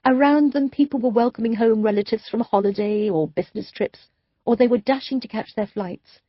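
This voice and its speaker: A woman's voice: on the high side, brisk, no room sound, dull audio. A woman narrating an audiobook, reading the dialogue with light shifts for each character. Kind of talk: scripted narration.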